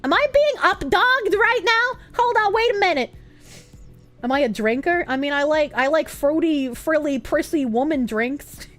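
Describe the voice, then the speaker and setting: A woman's voice: high-pitched, lively intonation, normal speed, a bit bright, soft background music. A woman streaming live, chatting casually and reading donations, crude and giggly with bursts of laughter.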